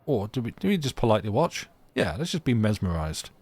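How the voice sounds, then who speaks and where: A man's voice: lowish voice, big pitch swings, a little fast, a little mellow, breathy edge, no echo. A man streaming a story game live, reading its narration aloud with casual, chatty asides and playful restarts.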